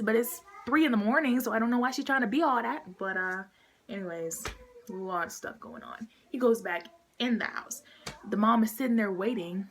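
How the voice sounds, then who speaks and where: A woman's voice: mid-range voice, slight background noise. A woman vlogger talks through a movie's story in a casual, rambling way. She fills her sentences with "like" and "um" and drops into little impressions of what people say. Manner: chatty, fillers like "like" and "um", acts out quotes.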